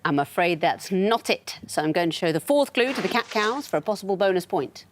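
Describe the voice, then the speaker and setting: Brief: woman quizmaster, lowish voice, dry and teasing, TV studio. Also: animated, a little fast, slight background noise. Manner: dry, witty, lightly teasing. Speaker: quiz show host. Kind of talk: hosting a TV quiz.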